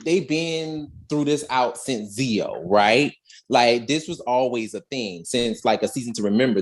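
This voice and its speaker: Animated man chatting as co-host. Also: mid-range voice. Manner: animated, repeats words, emphatic. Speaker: podcast co-host. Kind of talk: casual fan discussion.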